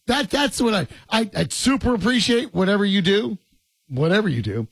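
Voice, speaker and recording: A male sports radio host riffing with his co-hosts, rambling and laughing as he tells a story. His voice sits a touch high for a man, with a gravelly rasp and a lively, bouncing pitch. The studio sound is close and dry. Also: moderate pace, no room sound. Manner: joking, rambling, laughs often. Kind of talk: casual sports radio banter.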